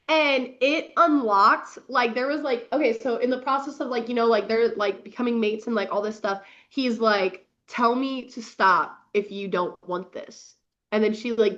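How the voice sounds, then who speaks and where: A young woman hosting a podcast and recapping books in casual chat, gushing and swearing with quick bursts of laughter. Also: sits high, fairly bright tone. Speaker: podcast host. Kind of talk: casual book review chat. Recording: dull lo-fi recording.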